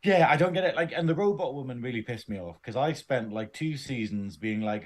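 A man's voice: mid-range voice, fairly quick, few pauses. A man co-hosting a casual fan podcast, rambling and chatty, laughing easily and swearing freely. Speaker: podcast co-host. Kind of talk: casual chat.

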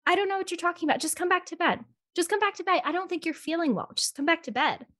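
A woman voicing her boyfriend from a dream as an evasive, soothing young man, in a high, coaxing, repetitive voice during a podcast anecdote. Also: lively intonation, quick pace, a bit bright.

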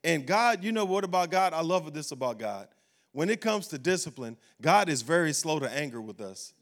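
A male pastor delivers a sermon in a church sanctuary, his voice sitting a touch higher than most men's. He preaches emphatically, repeating key phrases to drive each point home. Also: very animated, moderate pace, a bit bright.

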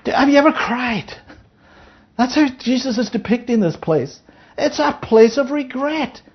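Woman, Bible teacher, husky voice, conversational sermon, dull lo-fi recording. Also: high voice, lively intonation, unhurried. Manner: checks in with listeners, asking 'Yeah?'; reads scripture aloud, then explains it.

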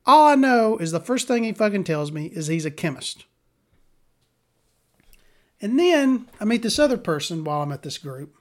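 A woman's voice: medium pitch, sing-song, moderate pace, long pauses. Blunt, profane woman ranting. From Alabama. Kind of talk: casual storytelling rant.

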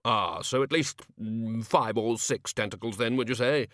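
A man's voice: mid-range voice, normal speed, a bit bright, no room sound, studio quality, close to an everyday voice. A man voicing a nervous, pedantic male wizard who speaks hesitantly and fussily. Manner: hesitant, fussy.

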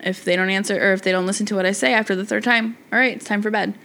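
A woman co-hosting a casual podcast chat, blunt and quick to swear, getting worked up fast. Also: mid-range voice, fairly even intonation, bright, forceful tone. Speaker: podcast co-host.

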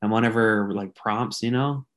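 A man co-hosting a casual podcast, joking and teasing, sometimes dropping into a hushed mock-sensual voice. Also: fairly low pitch, normal speed. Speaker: podcast co-host.

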